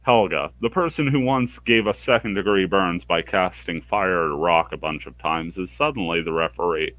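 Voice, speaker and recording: A man's voice: moderate pace, lo-fi sound. A man streaming a game, reading its dialogue aloud with wry, sarcastic commentary. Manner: wry and sarcastic, bursts into higher pitch for characters' lines. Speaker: let's play streamer.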